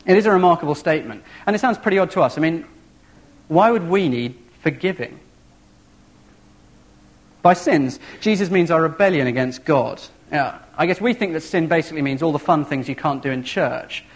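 A man preaching a sermon, telling a story in an animated, vivid way. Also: a little high, fairly quick.

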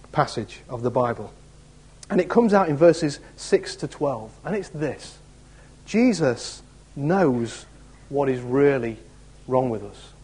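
A man's voice: fairly high pitch, mellow, breathy edge, low-quality recording. A man, an assistant pastor preaching conversationally with rhetorical questions. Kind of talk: sermon.

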